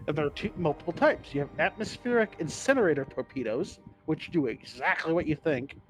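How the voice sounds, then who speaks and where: A man's voice: on the high side, expressive, a little fast, soft background music, poor audio. A man hosting a casual lore podcast, enthusiastic and profane, quizzing his co-hosts. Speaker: podcast host.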